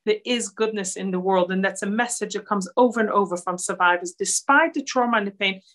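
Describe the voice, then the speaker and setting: A woman who grew up in Israel, giving an earnest talk over slides at a Holocaust centre, with many pauses and fillers. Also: mid-range voice, a bit bright.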